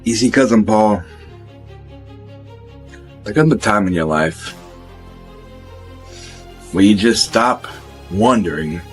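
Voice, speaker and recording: A man speaks slowly and deliberately in a low voice, brushing off his rival in a calm wrestling promo. Faint music sits underneath. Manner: measured, dismissive, addresses rival directly. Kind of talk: slow reflective wrestling promo.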